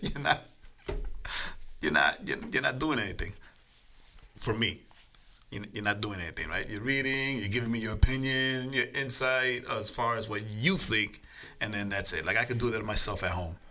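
A man's voice: fairly low pitch, pushed and bright. A man co-hosting a podcast in loose, casual chat, laughing often and repeating words as he finds his point. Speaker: podcast co-host.

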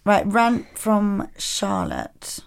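A woman co-hosting a podcast, reading out listener rants in a blunt, sweary, animated way. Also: mid-range voice, drawn-out words, creaky, clear, resonant tone. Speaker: podcast co-host.

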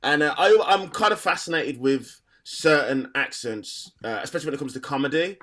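A man's voice: fairly high pitch, animated, brisk, a bit bright. A man with a Black Country accent, a stand-up comedian chatting casually on a podcast, rambling with frequent restarts and laughter. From Black Country, England.

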